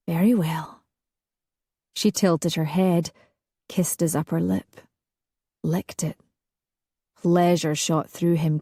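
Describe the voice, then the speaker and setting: Narrating a romance audiobook, this woman keeps her read soft, intimate, and unhurried. Her somewhat low voice is mellow and husky and moves very slowly, and the recording is close and dry.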